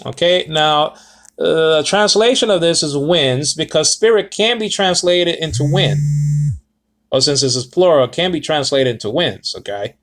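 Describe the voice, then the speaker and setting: Man with a somewhat high voice, talking through a Greek word study off the cuff and full of ums and restarts. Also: animated, normal speed, fairly bright tone. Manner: rambling, self-correcting, many fillers. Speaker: Bible teacher. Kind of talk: casual Greek word lesson.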